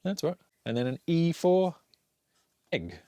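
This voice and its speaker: Upbeat dad hosting a drawing tutorial. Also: male voice, a little high, big pitch swings, unhurried, dark tone, dry recording, clean studio sound. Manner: upbeat, encouraging, chatty. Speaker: art tutorial host and dad. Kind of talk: casual drawing tutorial with his child.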